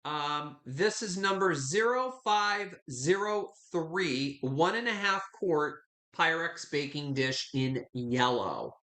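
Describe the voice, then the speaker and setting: A man's voice: a little high, expressive, slow pace, hardly any pauses, sharp tone, roomy sound. A man in his fifties hosting a live online sale from his home, chatting casually and calling viewers honey and sweetie. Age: 50s. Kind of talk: live online auction selling.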